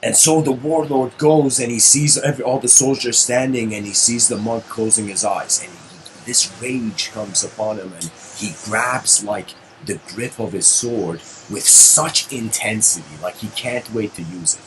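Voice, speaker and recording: A man's voice: on the low side, moderate pace, few pauses, noisy background. A man giving a casual storytelling lecture, rambling with fillers and asides.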